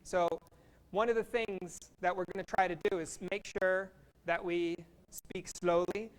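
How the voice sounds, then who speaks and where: Playful workshop leader from kansas, slow and clear, mid pitch, hyping up the group. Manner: energetic and playful, paced slowly for the room. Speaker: workshop facilitator. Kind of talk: interactive workshop facilitation.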